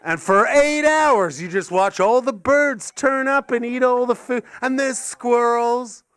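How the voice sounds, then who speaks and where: A Canadian man performs stand-up at a live venue, rambling through absurd, self-mocking stories on a handheld mic. His voice is very high-pitched, unhurried, somewhat bright and smooth, and the recording is dry.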